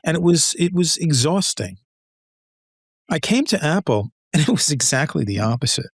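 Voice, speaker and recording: A man's voice: on the high side, normal speed, husky, no room sound, studio quality. An older man, a retired engineer, telling stories as a podcast guest, acting out the voices of others and laughing often. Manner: animated storyteller, acts out dialogue, laughs often. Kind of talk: conversational storytelling.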